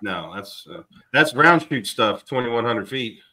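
A man's voice: mid-range voice, animated, a little slow, sharp tone. A man hosting a casual livestream chat, laughing often and reading viewer comments aloud. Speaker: livestream host.

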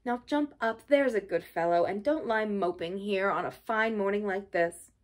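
A woman voicing a cheerful, brisk male water rat who coaxes his friend out of bed. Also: medium pitch, natural voice. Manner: brisk, hearty and coaxing.

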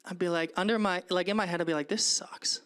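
A male pastor preaching a sermon in an animated, playful way, acting out scenes and joking with the congregation. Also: sits high, very fast, clean tone.

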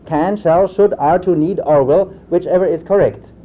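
A man's voice: high voice, moderate pace. Man lecturing over a tinny old tape. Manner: hesitant, with frequent "uh" fillers and restarts; reads example drill sentences aloud in a raised voice. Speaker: professor giving a convocation lecture. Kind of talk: academic lecture. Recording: tinny lo-fi 1960s reel-to-reel tape with faint hiss.

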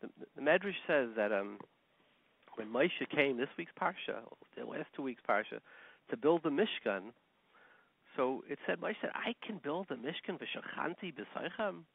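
Male rabbi lecturer, lively storyteller with a higher voice, dry tinny phone-line sound. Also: moderate pace, creaky, slightly rough, dry recording. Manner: animated storyteller mixing Hebrew and Yiddish terms. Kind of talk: Torah lecture.

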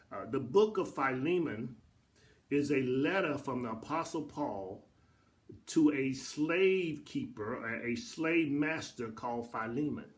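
A middle-aged pastor teaching a Bible study in a church, with a repetitive preacherly cadence that builds to emphatic peaks. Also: male voice, medium pitch. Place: church sanctuary.

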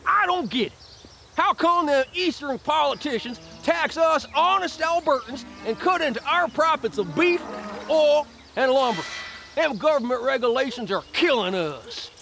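A man's voice: extremely high pitch, animated, normal speed, vocal fry, pushed and bright, full character voice. A man playing a grumbling male rancher with a Texas accent and a folksy, complaining way of talking.

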